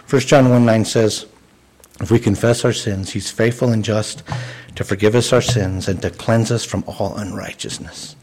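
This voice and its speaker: A man's voice: on the low side, steady tone, moderate pace, a little mellow, rough recording. A man preaching a sermon in an earnest, conversational way, often restarting his sentences. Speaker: pastor.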